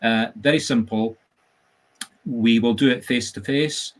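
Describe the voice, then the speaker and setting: A man with a Scottish accent, a medium hosting a casual live-stream chat, talking in a chatty, animated, jokey storytelling way. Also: mid-range voice, unhurried. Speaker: medium and host. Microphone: video call setup.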